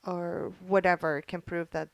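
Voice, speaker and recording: A woman guest in a casual podcast interview, talking earnestly with frequent pauses and fillers. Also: on the low side, level tone, clear, resonant tone, no room sound, dull audio. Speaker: guest, founder of a military spouse group.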